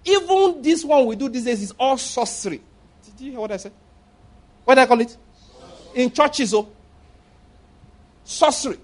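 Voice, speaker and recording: A man's voice: extremely high pitch, lively intonation, moderate pace, long pauses. A man preaching a sermon as a pastor, emphatic, repeating phrases and firing rhetorical questions at his listeners.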